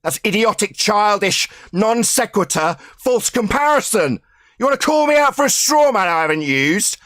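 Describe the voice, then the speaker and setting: A man's voice: high-pitched, big pitch swings, moderate pace, a bit bright, no echo, clean studio sound. A man in a heated online debate, taunting and insulting his opponent, repeating jeers.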